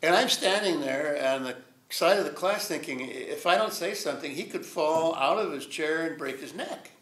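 A man's voice: fairly high pitch, animated, moderate pace, fairly bright tone. An older man giving a rambling, reflective storytelling lecture at a college, chuckling often. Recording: echoey lecture room.

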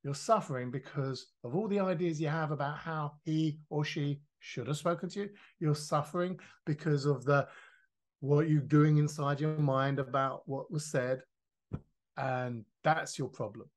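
A man, a podcast guest explaining his ideas in a lively, casual way, acting out quoted voices and swearing now and then. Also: fairly high pitch, measured pace. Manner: animated, swears freely, acts out quoted voices.

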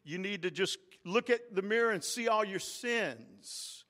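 A man's voice: high-pitched, animated, measured pace, bright, forceful tone, big-room sound. A man, a pastor, preaching a sermon with call-and-response and swelling emphatic peaks. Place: large church sanctuary.

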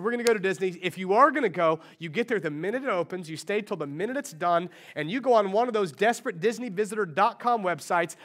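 A middle-aged male pastor preaching a sermon in a church, telling a story with lively acted-out dialogue. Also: high voice. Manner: animated storytelling, acting out dialogue. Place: church sanctuary.

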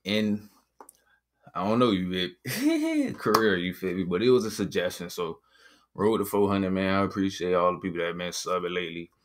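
Deep-voiced man chatting casually. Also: lively intonation, normal speed, noisy background. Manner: loose slangy chatter, keeps asking "you feel me". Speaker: reaction channel host. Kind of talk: casual reaction commentary. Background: music playing.

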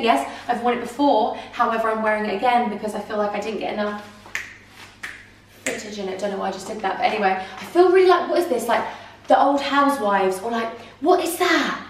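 A woman's voice: on the high side, fast talker. A giggly, self-mocking British woman in her twenties chatting through a holiday outfit try-on vlog on a camera mic. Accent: British English. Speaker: fashion vlogger. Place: outdoors on holiday, then an airport. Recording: distant camera mic with noisy background.

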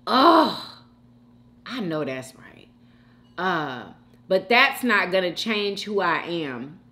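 A woman from Houston, hosting a mukbang and chatting warmly and emotionally with viewers in the chat. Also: on the low side, big pitch swings, slow pace. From Houston, Texas. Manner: chatty and emotional, calls viewers girl and sis. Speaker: mukbang host reading live chat. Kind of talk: casual chat.

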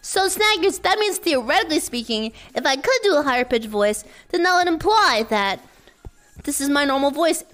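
A young woman streaming live, chatting casually with her viewers and often breaking into shrieking shouts and laughter. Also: high-pitched, animated, normal speed. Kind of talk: casual livestream chat.

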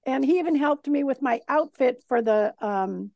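A woman's voice: sits high, moderate pace, gravelly, no echo, clean studio sound. A woman as an interview guest, chatting casually and acting out little voices as she tells stories. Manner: animated storyteller who acts out voices. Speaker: guest talking about spirit guides.

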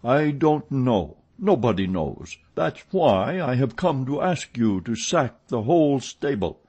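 Man as a blunt, dry-spoken head groom; slow and measured, a bit husky. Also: mid-range voice, dull audio, voice pushed up, full character voice. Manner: flat, dry, measured delivery.

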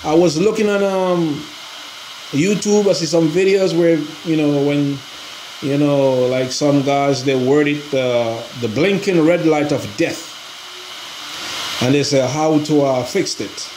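In a casual vlog chat, a man whose voice is on the high side speaks a little slowly with fairly even intonation. This RC hobby vlogger is frustrated about a broken hobby part, saying he's pissed off and rambling to the guys watching with hesitations, restarts and fillers. The recording has an echoey room, faint ambience and a noisy background.

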